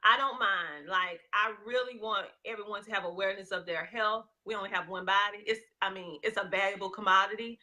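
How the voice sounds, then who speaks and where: A woman's voice: mid-range voice, fairly quick, hardly any pauses, sharp tone. A woman with a Southern US accent who laughs often, a guest in a casual live interview. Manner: laughs often, talks about her own twang.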